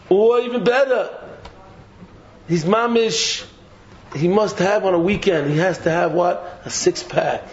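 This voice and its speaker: High-voiced gravelly guy preaching, laughs mid-sentence, dull lo-fi recording. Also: moderate pace. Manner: animated, mocking, laughs through his points, repeats himself; rhetorical questions. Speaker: Torah teacher. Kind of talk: sermon.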